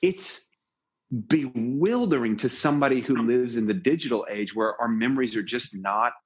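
A man's voice: medium pitch, normal speed, breathy edge. A man in casual discussion, talking with animation and acting out lines with emphasis.

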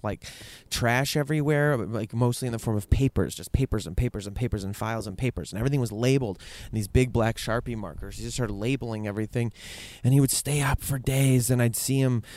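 A man's voice: mid-range voice, fast, darkish tone, dry recording. A man telling a candid personal story, rambling and swearing, with many fillers and restarts.

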